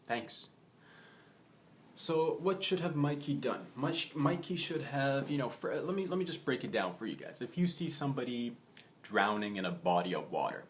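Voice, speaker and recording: A man's voice: mid-range voice, a little hiss or hum. A young man hosting a comedy show, telling a brash, jokey monologue and calling his audience bros.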